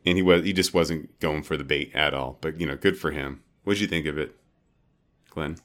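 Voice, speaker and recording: Man, low voice, podcast co-host, casual chat, rambling, filler-heavy. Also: moderate pace, fairly bright tone. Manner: rambling, many filler likes.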